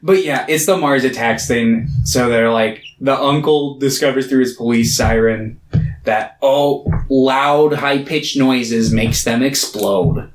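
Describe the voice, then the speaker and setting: A man's voice: medium pitch, slow, echoey room, a little hiss or hum, poor audio. A man co-hosting a podcast, recapping a movie in a rambling, laid-back chat. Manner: rambling, laid-back, lots of filler words. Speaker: podcast co-host.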